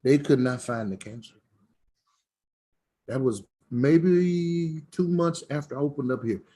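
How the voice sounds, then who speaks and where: A man's voice: mid-range voice, unhurried, warm tone, slight background noise. A middle-aged man, a smokehouse owner telling folksy stories in a preacherly way. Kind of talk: storytelling chat.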